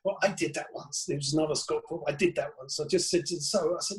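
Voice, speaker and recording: A middle-aged English comedian, a podcast guest, telling lively stories and acting out voices. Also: male voice, a little high, fast. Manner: lively, acts out voices and laughs mid-story. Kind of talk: animated storytelling.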